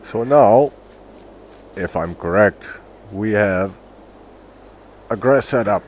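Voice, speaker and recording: A man's voice: lowish voice, slow, slight background noise. A man casually commenting on his own gameplay, thinking aloud as he goes and correcting himself along the way. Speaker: gaming video host.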